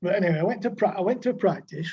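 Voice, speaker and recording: A man in his sixties with a Lancashire accent is a podcast guest, spinning old cricket anecdotes in a rambling, chatty style packed with dialect words and fillers. His voice is high, very fast and dark-toned with a breathy edge. The recording is muffled.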